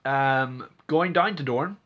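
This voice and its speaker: A man's voice: medium pitch, slow pace, lo-fi sound. A man giving a casual, rambling recap of a TV episode, full of fillers and restarts, acting out characters' lines in exaggerated voices. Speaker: TV episode reviewer.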